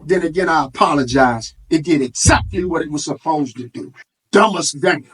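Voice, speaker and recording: A man's voice: a little high, lively intonation, normal speed, a bit bright. A man giving an impassioned speech to a live audience, preacherly, with call-and-response and street vernacular. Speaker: community organizer speaking at an event.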